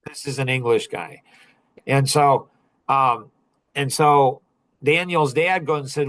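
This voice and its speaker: A man in his sixties telling a story in a casual podcast chat, rambling and halting, with many fillers and restarts. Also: medium pitch, a bit bright, rough recording.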